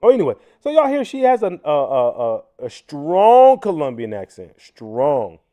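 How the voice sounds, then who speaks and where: This man hosts a casual commentary livestream, talking straight to his viewers and calling them "y'all." He's animated and keeps restarting his sentences. His voice sits fairly high and moves at a normal speed.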